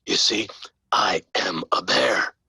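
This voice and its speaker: A man voicing a gentle, bewildered male bear who speaks low, slow and breathy in a storybook video. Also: dry recording, clean studio sound, exaggerated voice.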